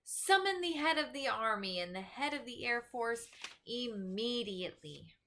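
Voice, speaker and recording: A woman voicing a queen in a storybook, brisk and giving orders. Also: on the high side, expressive, sharp tone, a little hiss or hum, full character voice. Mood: commanding.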